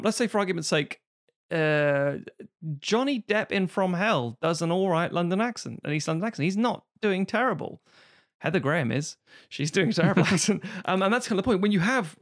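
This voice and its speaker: A man co-hosting a podcast, talking casually and animatedly about acting, rambling and swearing freely. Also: high-pitched.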